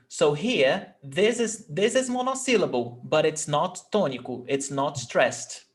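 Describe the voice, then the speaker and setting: A man with a Brazilian Portuguese accent teaches a live online class. He talks slowly in a slightly raised voice, repeats example sentences, and keeps checking that his students follow. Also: a little high, expressive. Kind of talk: live online language lesson.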